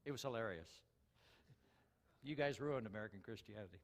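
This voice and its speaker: A man preaching a sermon, animated and full of rhetorical questions to the congregation. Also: on the low side, a little fast. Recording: long hall reverb.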